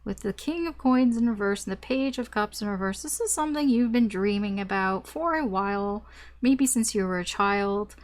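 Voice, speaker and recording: A young woman gives a casual tarot reading in a loose, rambling way. She thinks aloud with plenty of fillers and the odd mild swear word. Her voice sits at an ordinary middle pitch for a woman. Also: moderate pace. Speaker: tarot reader.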